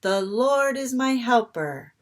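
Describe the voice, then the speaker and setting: A woman's voice: fairly high pitch, animated, takes it slowly, voice pushed up. A woman voicing a small, sleepy, frightened little girl who grows earnest and brave.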